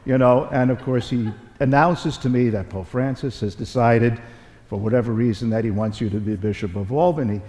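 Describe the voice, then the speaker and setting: A man's voice: mid-range voice, normal speed, darkish tone. A middle-aged man, a Catholic bishop, giving a conversational homily at Mass with folksy storytelling, repeating phrases and joking at his own expense. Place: large church. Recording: long church reverb.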